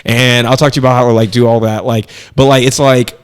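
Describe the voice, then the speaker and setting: Profane rambling comedian coaching a friend. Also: male voice, medium pitch, flat delivery, fast talker, clear, resonant tone. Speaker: comedian and podcast host. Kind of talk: casual chat.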